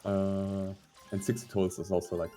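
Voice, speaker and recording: Low, dark-voiced male commentator with halting speech. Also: flat delivery, faint music behind. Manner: halting, analytical, many fillers. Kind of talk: live esports commentary.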